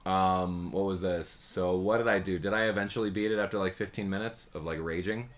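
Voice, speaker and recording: A man hosting a live stream, chatting casually and excitably with his viewers and laughing often. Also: low-pitched, a little fast. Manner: excitable, animated, laughs often, addresses chat directly. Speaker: livestream host.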